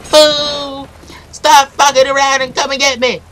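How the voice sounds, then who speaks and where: A man voicing a hot-tempered young male gamer who swears and accuses in a high, put-on voice, with game gunfire behind. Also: quick pace, gravelly, noisy background. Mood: angry, shrill. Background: video game gunfire.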